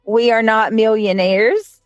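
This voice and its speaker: A woman's voice: a little high, steady tone, slow pace, clean tone, no echo, dull audio, soft background music. A woman ranting casually on her own livestream, complaining and swearing in passing. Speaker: streamer in a played clip.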